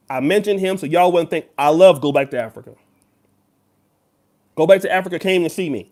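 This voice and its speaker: A man's voice: high-pitched, darkish tone. A man giving emphatic direct-to-camera commentary as a YouTuber, lecturing the viewer. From United States.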